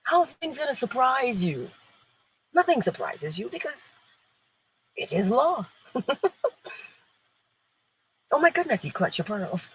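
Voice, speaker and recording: Woman, livestream host, animated pitch, very clear smooth tone, playful, laughs often. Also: moderate pace, low-quality recording. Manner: laughs often, playful and emphatic, reads chat. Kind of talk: inspirational livestream talk.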